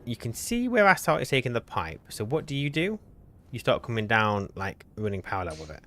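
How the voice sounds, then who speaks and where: A man's voice: medium pitch, sing-song, brisk, a bit bright, slight background noise. A man live-streaming a co-op game, chatting casually and teasing his partner. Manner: chatty, self-correcting, teasing. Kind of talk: casual gameplay chat.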